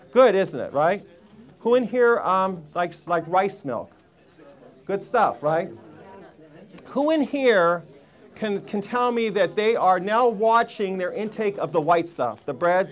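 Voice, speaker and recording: Emphatic man preaching to a seminar crowd. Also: sits high. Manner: emphatic, preachy, fires rhetorical questions at the crowd. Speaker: health seminar speaker. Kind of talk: live seminar talk to an audience. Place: room with a live audience.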